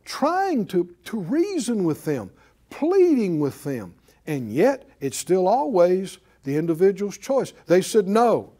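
A man's voice: high-pitched, huge pitch swings, takes it slowly, dark tone. A man preaching a sermon in an emphatic, pleading way, repeating phrases for weight. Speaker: pastor.

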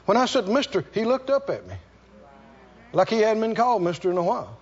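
High, expressive male preacher; emphatic sermon storyteller, slightly muffled recording. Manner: storytelling with animated asides and laughter; emphatic, repeats key lines slowly.

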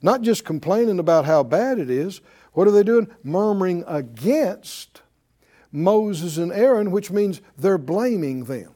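Slow, lively high-voiced male preacher. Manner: animated, keeps quizzing the audience with "Huh?". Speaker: preacher and Bible teacher. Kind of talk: sermon.

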